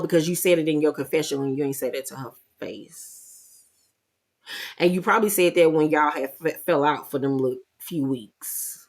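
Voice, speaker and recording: A woman's voice: low voice, animated, moderate pace. Blunt, sassy woman recapping a show. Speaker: reality show recap host. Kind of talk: casual commentary.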